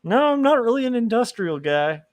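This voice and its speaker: A man's voice: very high voice, sing-song, moderate pace, no echo, voice pushed up. A man voicing a cheerful, upbeat male vampire who sounds breezy and unbothered.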